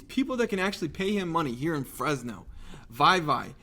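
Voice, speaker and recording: A young man talking straight to the viewer in a lively, conversational sales pitch, tossing out rhetorical questions. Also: a little fast. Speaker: marketing agency owner pitching local businesses. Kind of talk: direct-to-camera sales pitch.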